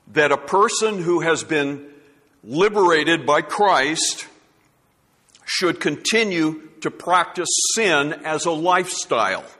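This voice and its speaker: A man's voice: on the high side, bright, forceful tone. A male pastor giving a sermon in an earnest, emphatic way, often restarting phrases as he builds a point. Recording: long hall reverb.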